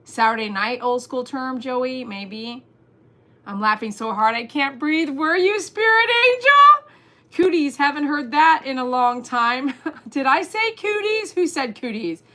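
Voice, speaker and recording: A woman hosting a casual livestream, chatting and reading viewers' comments aloud, animated and laughing often. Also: sits high, unhurried. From Texas. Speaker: livestream host.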